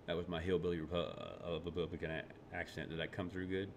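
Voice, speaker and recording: A man's voice: sits low, steady tone, fast talker, creaky, few pauses, a little hiss or hum. A man giving casual political commentary in a sarcastic, ranting way, tripping over words and restarting as he goes. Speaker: vlogger.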